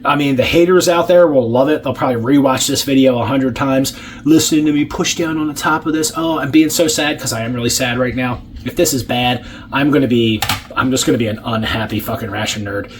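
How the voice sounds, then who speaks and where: A man hosts a casual food-tasting vlog reviewing rations, unpacking and sampling the food while chatting bluntly and swearing freely. He speaks briskly in a medium-pitched voice, with slight background noise behind him.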